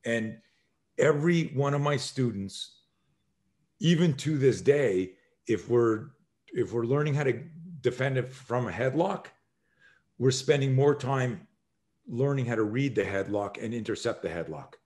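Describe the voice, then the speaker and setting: A man in his sixties, a self-defense instructor, telling stories in an energetic conversational way, acting out scenes with sudden shouted exclamations and frequent swearing. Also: mid-range voice, a little slow. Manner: energetic, emphatic, rambling explanations. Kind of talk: animated conversational storytelling.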